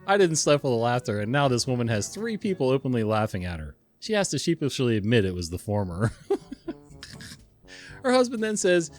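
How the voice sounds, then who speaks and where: Chuckly, lively male story narrator. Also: mid-range voice, moderate pace, soft background music. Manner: chuckling, conversational, digressive. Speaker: storytelling channel host.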